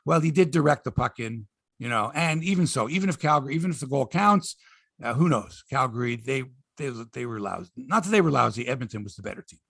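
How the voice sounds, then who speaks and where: A middle-aged man, hosting a casual sports podcast and telling stories in an excitable, animated way, swearing freely. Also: mid-range voice, fast talker, vocal fry, breathy edge, no echo, studio quality.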